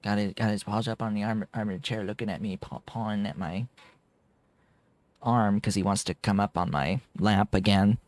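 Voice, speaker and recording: A man's voice: fairly low pitch, fairly even intonation, normal speed. A man streaming a game, chatting playfully and sometimes cooing to his cat in a sing-song voice. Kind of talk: casual live-stream commentary.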